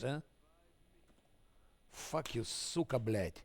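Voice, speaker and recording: Gravelly man cursing at a game. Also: fairly low pitch, slow pace, darkish tone, no echo. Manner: swears angrily, mutters under breath. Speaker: game streamer. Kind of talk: live gameplay commentary.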